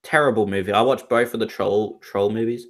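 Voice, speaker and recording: A man's voice: fairly low pitch, fairly even intonation, brisk, fairly bright tone. A young Australian man co-hosting a casual podcast chat, rambling with many fillers and restarts. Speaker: podcast co-host.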